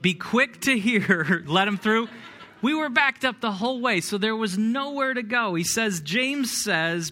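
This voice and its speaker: A middle-aged male pastor delivers a sermon in a high, bright voice that swings widely in pitch. He tells stories with self-deprecating humor and lively energy, then moves into teaching. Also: measured pace. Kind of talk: sermon with personal story.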